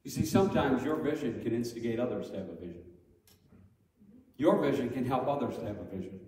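Middle-aged male preacher, storytelling sermon, animated, distant mic in a roomy church hall. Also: medium pitch, brisk. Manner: animated, acts out quoted voices loudly. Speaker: Sunday school teacher. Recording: echoey hall from far off.

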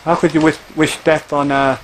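A man's voice: fairly high pitch, little pitch movement, normal speed, slight background noise, low-quality recording. A man chatting casually while playing a video game, rambling with restarts and whiny complaints. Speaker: gamer. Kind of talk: casual gaming chat.

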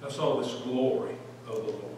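A man teaching a Bible study in church, quoting verses with animated voices and asking the class questions. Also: mid-range voice, moderate pace, a little hiss or hum. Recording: echoey room taped from a distance.

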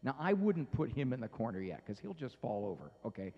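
A man giving a humorous parenting talk to an audience, telling stories with lively voices. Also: medium pitch, brisk, long reverb tail, dull audio, slight background noise. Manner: animated storytelling, acts out voices. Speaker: speaker on parenting.

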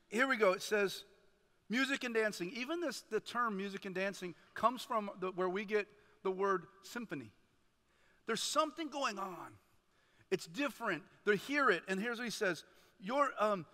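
A man preaching a sermon as a guest chaplain, animated and often asking the congregation "right?". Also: high-pitched. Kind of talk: energetic sermon retelling a parable. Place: church sanctuary. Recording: long hall reverb in a church.

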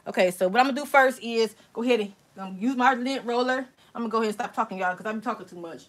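A woman hosting a casual live-stream crafting tutorial, chatty and excitable, talking straight to her viewers. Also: a little high, quick pace, background noise. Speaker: crafting channel host.

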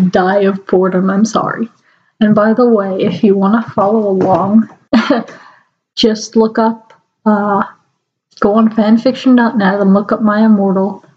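A woman's voice: medium pitch, a little mellow. A young woman reading a badly written story aloud and commenting on it, often breaking into giggles and mocking the text. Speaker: fanfic reader. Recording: dull lo-fi home recording.

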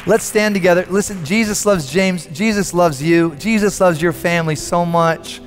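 A man's voice: sits high, moderate pace, a faint crowd. A man preaching a sermon as a pastor, telling a story earnestly and often repeating words as he builds up. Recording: long hall reverb with faint music.

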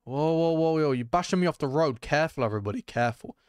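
Excitable young man streaming a game. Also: fairly high pitch, fast talker, smooth, no room sound, clean studio sound. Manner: excitable, chatty, addresses chat and viewers. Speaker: gaming streamer. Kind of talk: live gameplay commentary.

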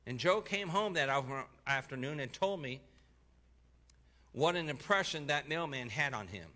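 Guy preaching a story, bright clear tone, voices the characters and drops soft for sad bits. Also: fairly high pitch, a little slow. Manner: voices the people in the story, dropping soft for sad parts and lifting for excited ones. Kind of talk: sermon storytelling, reading a testimony aloud.

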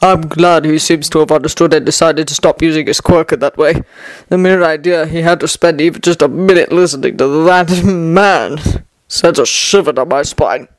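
A woman's voice: low-pitched, dry recording, close to an everyday voice, low-quality recording. Woman reading as a pensive grown man hero. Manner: pensive, measured.

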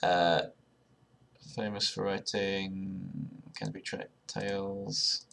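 A young male video creator speaks slowly in a low, flat, creaky voice as he takes an online quiz. Thinking aloud, he mutters guesses, swears often with sarcasm, and breaks into sudden loud outbursts.

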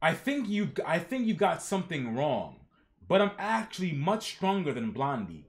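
A young man reads comic panels aloud on a live reaction stream, breaking in with slangy comments. His voice sits high and swings widely in pitch. He takes his time over the lines. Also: very animated, unhurried. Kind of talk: reading a webtoon aloud with reactions.

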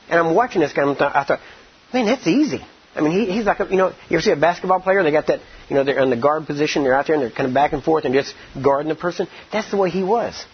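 A man with a husky, fairly high voice teaches a ministry training class like a sermon. He tells stories in a lively, colloquial way and often stumbles over and repeats his words. The recording is dull and lo-fi. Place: training session room. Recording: dull lo-fi audio.

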